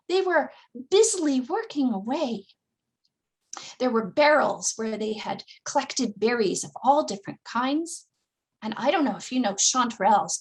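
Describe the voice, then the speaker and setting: A woman from Newfoundland telling a fairy tale to children, expressive and dramatic, with gasps and hushed asides. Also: high-pitched. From Newfoundland, Canada. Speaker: storyteller. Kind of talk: oral storytelling for children.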